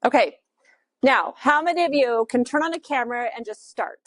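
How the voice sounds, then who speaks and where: A woman's voice: fairly high pitch, expressive, brisk, no echo. A woman with a Utah accent teaching a social media class in a chatty, loose way with lots of fillers. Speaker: real estate social media instructor.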